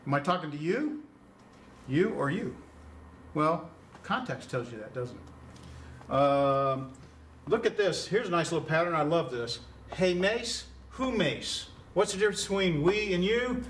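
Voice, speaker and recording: A man teaches a beginners' class in a chatty, joking way, asking students questions as he goes. His voice sits a little high. He is recorded from some distance in a classroom with faint background noise. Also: animated, measured pace, a bit bright. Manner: conversational, quizzes students, chuckles at own puns. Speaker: Greek instructor. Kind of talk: classroom lecture.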